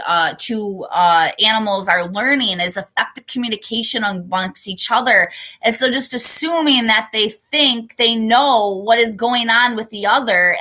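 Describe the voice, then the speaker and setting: A woman's voice: mid-range voice, pushed and bright. A woman reading her own children's book aloud, breaking off into digressive, apologetic asides.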